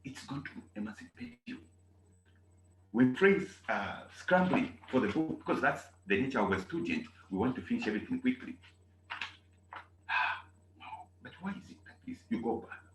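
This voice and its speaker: Animated man teaching in echoey room. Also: medium pitch, moderate pace. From Zambia. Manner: animated, repeats key phrases, acts out little scenes. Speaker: German teacher. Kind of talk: online class lecture. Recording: echoey room with faint noise.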